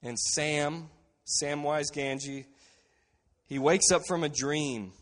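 A man preaching a sermon as a pastor, earnest and steady, dropping to a quiet voice to stress key phrases. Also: a little high, takes it slowly, big-room sound.

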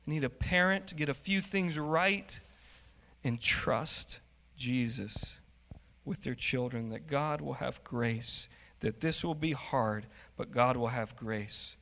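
A man preaching a sermon as pastor, slow and emphatic, building in intensity. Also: medium pitch, fairly bright tone, long reverb tail.

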